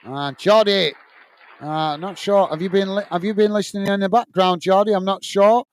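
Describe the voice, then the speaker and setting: A man's voice: sits high, fairly even intonation, normal speed. An English man hosting a football watch-along stream, signing off chattily with lots of "uh" and "mate". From England. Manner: chatty, repeats "mate", many "uh" fillers. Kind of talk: casual live-stream sign-off, reading viewer comments.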